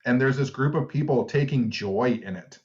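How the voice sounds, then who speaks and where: A man's voice: mid-range voice, normal speed. Man with a Detroit accent telling stories. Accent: Detroit, Michigan. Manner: swearing storyteller, animated quoting. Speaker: podcast co-host. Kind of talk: casual chat. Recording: slightly dull lo-fi sound.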